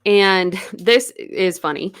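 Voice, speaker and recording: Speaking slowly in a clean, mid-range voice, this woman co-hosts a podcast recapping a book. Her retelling of the novel is loose and chatty, dotted with acted-out quoted snippets.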